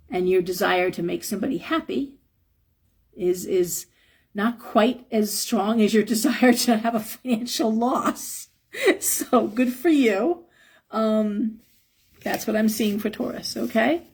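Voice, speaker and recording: A hoarse woman giving a frank, advice-giving live tarot reading and chuckling now and then. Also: medium pitch, slow pace, pauses often, a little mellow. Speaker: tarot reader.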